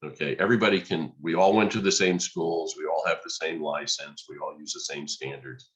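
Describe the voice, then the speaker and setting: A man, a podcast guest, telling a lively story and acting out the dialogue. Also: a bass voice, a little fast. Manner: animated storyteller, acts out quoted dialogue. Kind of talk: storytelling in conversation.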